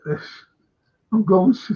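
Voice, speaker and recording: A man's voice: moderate pace, a little mellow, highs cut off. A man with a Liverpool accent hosting a live history stream, chatty, jokey and a bit flustered by tech trouble. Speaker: host of a live history show. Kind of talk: casual live-stream chat.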